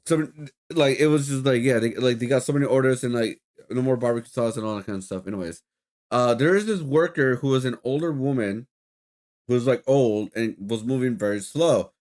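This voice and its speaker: A man's voice: medium pitch, a little fast, a little mellow. A man streaming, telling a rambling story in casual chat with lots of fillers and swearing.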